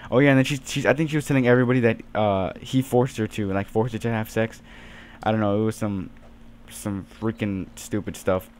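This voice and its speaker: Teenage man, low-pitched voice, rambling casual gameplay commentary, lots of fillers, faint hiss behind. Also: fairly even intonation, fairly quick, few pauses, darkish tone. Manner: rambling storytelling with many fillers. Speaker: gaming channel host.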